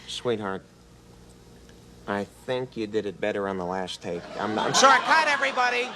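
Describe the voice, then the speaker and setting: A man playing a pompous film director in a comedy sketch, bossing the set around and bursting into shouting rants. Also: fairly low pitch, very animated, moderate pace, a loud crowd. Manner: bossy, theatrical, erupts into shouting. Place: TV studio with audience. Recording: noisy broadcast tape.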